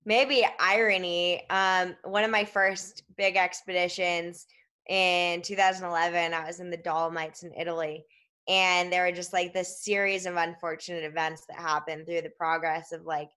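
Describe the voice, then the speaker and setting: A woman's voice: lowish voice, flat delivery, moderate pace, a bit bright. A woman guest in an interview, telling a story casually, filling her speech with "like" and "um" and explaining things step by step.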